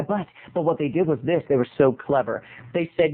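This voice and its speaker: A man's voice: a little high, a little fast, few pauses. A man telling a story as a comedy character, in a campy, melodramatic monologue. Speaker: comedic video blogger in character. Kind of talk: theatrical comic monologue. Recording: tinny lo-fi phone-like audio.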